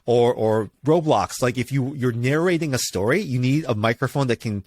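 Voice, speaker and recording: A man's voice: mid-range voice, brisk, few pauses, darkish tone, no room sound. A man co-hosting a casual tech podcast, explaining gear at length with lots of fillers and restarts, close on a dynamic microphone in a studio. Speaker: podcast co-host reviewing gear.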